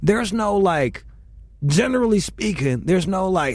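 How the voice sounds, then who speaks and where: A man's voice: mid-range voice, moderate pace, dry recording, clean studio sound. A man hosting a casual chat, telling a long story with lots of swearing and acted-out quotes. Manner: profane, animated, quotes people in voices. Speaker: podcast host.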